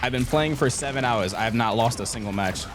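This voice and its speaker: A man's voice: mid-range voice, fairly quick, over music. A young man casually chatting on a game live stream, joking and teasing a viewer, laughing often. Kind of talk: casual live-stream chat while gaming. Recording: game sounds and noise behind.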